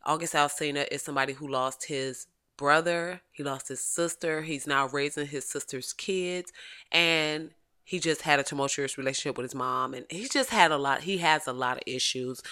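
A woman hosting a gossip podcast in loose, off-the-cuff chat. Her voice is bright and sharp, and her delivery is animated, salty and full of laughs. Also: deep voice. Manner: animated, profane and joking, laughs often. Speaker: podcast host. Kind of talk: casual celebrity gossip commentary.

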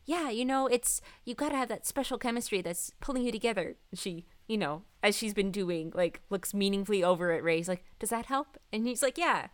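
A woman co-hosts a podcast and chats casually through an episode recap. She giggles easily and slips into the characters' lines as she retells them. Her voice is smooth and clear, at a middle pitch. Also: brisk, hardly any pauses. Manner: chatty, giggly, acts out quoted lines. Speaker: podcast co-host.

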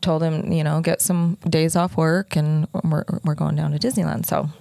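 Low, gravelly-voiced woman telling a hard story. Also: steady tone, mellow, no room sound. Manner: halting, with many restarts and fillers; earnest, unguarded, close to tears. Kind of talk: emotional personal storytelling.

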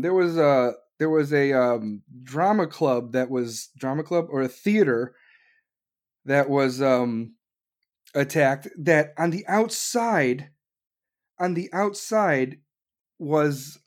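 A man delivering a heated, sarcastic political rant, swearing and bursting out loudly. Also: fairly high pitch, slow pace. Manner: heated, sarcastic, swearing, with sudden loud outbursts.

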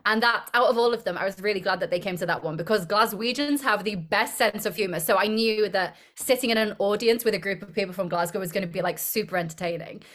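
A woman's voice: mid-range voice, quick pace, few pauses, fairly bright tone. A young woman, an actress being interviewed, chatting casually, rambling and giggling often. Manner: giggly, rambling, self-deprecating.

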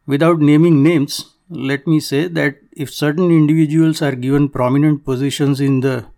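A man with a slightly higher-than-usual voice reads a scripted political commentary. He is formal and measured, with a dry wryness that runs through his careful phrasing. He comes from Canada. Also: steady tone, vocal fry, dark tone. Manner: formal, measured, dryly wry.

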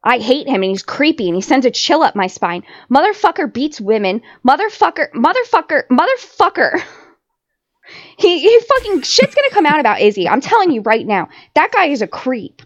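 A woman's voice: sits high, big pitch swings, a little fast. A woman co-hosting a podcast in casual chat, ranting heatedly with constant swearing. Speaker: podcast co-host.

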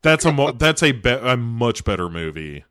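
A man's voice: medium pitch, sing-song, normal speed, a bit bright, clean tone, no room sound, clean studio sound. A man co-hosting a casual podcast about movies, rambling with many restarts and fillers. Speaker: podcast co-host. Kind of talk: casual movie review chat.

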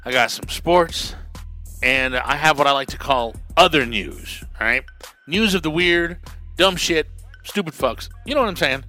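A man from New Mexico who works as a radio DJ and comic, hosting his own podcast in a loud, profane, beer-drinking monologue. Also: fairly high pitch, expressive, a little slow, soft background music. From Albuquerque, New Mexico. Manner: loud, swearing, drinking beer while talking.

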